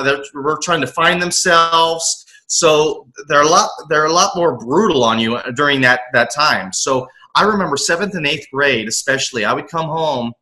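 Guy telling his life story in an interview, kinda high, bright edgy voice, earnest. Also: poor audio. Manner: earnest storyteller who acts out his younger self. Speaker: guest, aspiring motivational coach.

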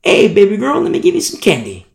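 A preacher putting on a coaxing devil. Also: male voice, high voice, huge pitch swings, quick pace, vocal fry, pitched above the performer's own voice, heavily acted. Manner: coaxing, wheedling. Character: sly male devil luring a girl with candy. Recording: echoey room.

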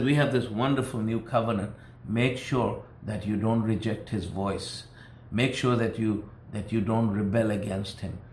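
A male preacher delivering a sermon, fervent, swinging between emphatic peaks and quiet, grave warnings. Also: mid-range voice, echoey room.

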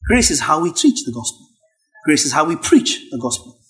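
A man preaching a sermon, emphatic and repetitive, rising to shouts at his peaks. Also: on the high side, sing-song, moderate pace. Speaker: pastor.

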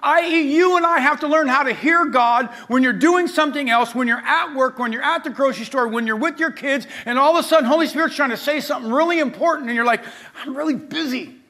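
High-voiced, bright animated male pastor. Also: fast, hardly any pauses. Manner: animated storytelling, acting out quoted voices. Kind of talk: sermon.

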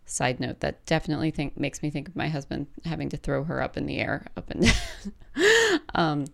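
A woman, hosting a podcast in a casual, chatty way with fillers and soft laughs. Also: low voice, steady tone, fast, creaky. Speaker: podcast host. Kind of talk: casual chat. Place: home.

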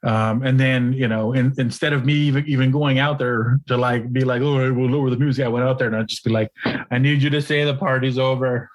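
A man's voice: medium pitch, fairly even intonation, a little fast, rough recording. A man co-hosting a podcast, telling a long story in casual chat, swearing often and restarting his sentences. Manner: rambling, profane, lots of restarts. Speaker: podcast co-host.

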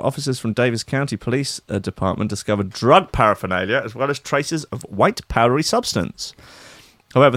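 A man's voice: mid-range voice, a bit bright, no room sound. A man co-hosting a casual comedy chat, reading news stories aloud and breaking off into joking asides.

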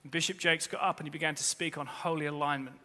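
A man's voice: on the high side, steady tone, quick pace, bright, forceful tone. A man, a pastor, preaching a sermon in earnest, repeating key phrases for weight. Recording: long reverb of a large hall.

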